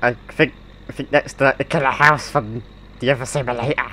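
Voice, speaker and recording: In a playful gaming video, a man teases a game character in a silly put-on voice and giggles frequently. He speaks a little fast at a medium pitch with a steady, bright and forceful tone, over slight background noise.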